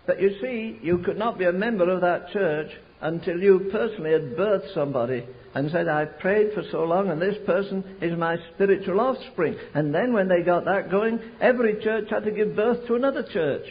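An older man preaching a sermon, telling stories slowly and rising to fervent pleas. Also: sits high. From England. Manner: storytelling with slow emphatic stretches, rising to fervent pleas. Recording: muffled lo-fi sermon recording.

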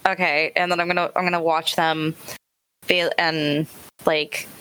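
A woman's voice: deep voice, level tone, a little slow, a bit bright, clear, resonant tone. A woman playing a tabletop role-playing game, brash and profane, swearing freely as she describes her character's actions. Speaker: player. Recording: music playing behind.

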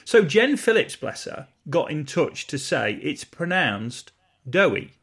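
A man's voice: fairly high pitch, big pitch swings, a little slow, gravelly, a bit bright, husky. A man co-hosting a podcast, chatting casually and reading out listener messages. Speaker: podcast co-host. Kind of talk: casual chat.

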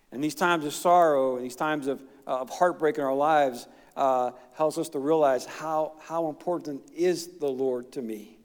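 Middle-aged male pastor, folksy sermon, slightly high voice, long church reverb. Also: a little mellow. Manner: folksy, plain-spoken preaching with asides and chuckles.

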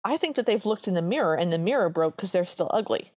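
A woman's voice: fairly low pitch, animated, a little mellow, no echo, clean studio sound. A woman co-hosting a podcast, reviewing an old cartoon in an earnest, chatty way. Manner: chatty, earnest, quick asides. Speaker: podcast co-host. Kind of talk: casual review chat.

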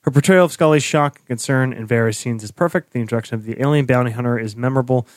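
A man's voice: mid-range voice, racing, dry recording, studio quality. A man co-hosting a casual commentary podcast, easygoing as he chats and reads out listener comments. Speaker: podcast co-host.

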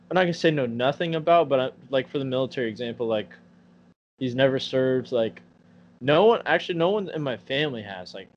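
A man in his twenties chatting on a podcast, blunt and full of swearing as he rants through stories. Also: medium pitch. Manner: blunt, profane ranting storyteller. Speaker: podcast co-host. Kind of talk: casual chat. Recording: muffled recording with faint hum.

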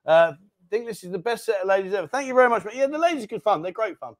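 A man hosting a lively live-stream chat in a bar, bossy and jokey, calling everyone mate. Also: high voice, racing. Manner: jokey, bossy banter, calls people mate. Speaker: host.

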